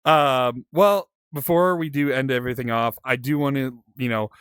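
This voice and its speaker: A man's voice: mid-range voice, moderate pace, a bit bright, smooth, no echo, clean studio sound. A young man hosting a podcast in casual, laid-back chat, often stumbling over his words. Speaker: podcast host.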